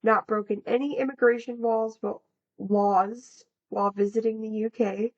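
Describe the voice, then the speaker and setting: A woman's voice: a little high, steady tone, moderate pace. A young American woman co-hosting a podcast, reading researched facts in a casual, chatty way with plenty of fillers. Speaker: podcast co-host. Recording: dull lo-fi sound.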